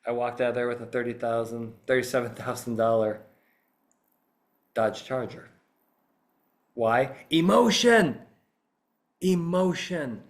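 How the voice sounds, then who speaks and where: On a podcast, a middle-aged man who works as a trial consultant recounts a story and role-plays speaking to jurors as a voir dire example. He talks at a measured pace with a medium-pitched voice and long pauses.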